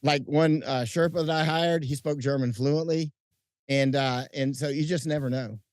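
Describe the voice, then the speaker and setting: A middle-aged man chatting outdoors at night as an interview guest, telling animated stories with frequent restarts and chuckles. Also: on the high side, normal speed, no echo, studio quality. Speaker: interview guest, combat correspondent. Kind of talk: casual interview chat. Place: outdoors at night under lights.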